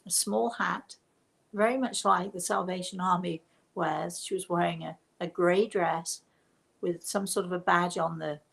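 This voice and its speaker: A woman tells a story live on her own show, taking her time and pausing as she paints each detail. Her voice sits a little low and carries a gravelly edge, and the pace stays unhurried throughout. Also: fairly even intonation, a bit bright. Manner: slow, deliberate and vividly descriptive, with pauses. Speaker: host telling a story.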